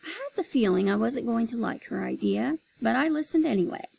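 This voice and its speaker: A woman reading a children's chapter book aloud, with expressive, lively storytelling. Her voice sits a little high and carries a strong gravelly fry. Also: a little fast, low-quality recording.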